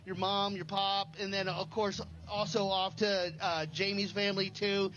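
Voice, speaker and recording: A man in his forties, a loud, joking trackside interviewer at a race finish, heard through dull lo-fi livestream audio. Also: high-pitched, flat delivery, unhurried. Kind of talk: excited post-race interview. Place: outdoors at a desert race finish.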